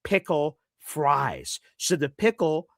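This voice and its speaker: A man tells a story on a casual podcast and slips into the voices of the people in it. His pitch rises and falls widely, and his voice sits a little high. The recording is dry and close. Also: takes it slowly, gravelly, no room sound. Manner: animated storyteller acting out phone calls. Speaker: podcast host. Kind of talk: casual chat.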